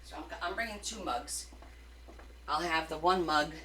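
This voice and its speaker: A woman's voice: sits low, moderate pace, pushed and bright, a little hiss or hum. A middle-aged woman with a New Jersey accent, hosting a craft livestream, chatting casually and greeting viewers by name with rambling asides.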